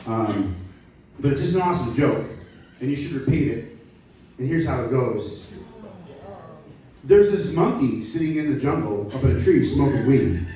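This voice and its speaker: A man's voice: medium pitch, warm tone. A man doing a stand-up set at a brewery, rambling and chuckling at his own jokes. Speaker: stand-up comedian. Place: brewery taproom. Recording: echoey room, mic heard from far off.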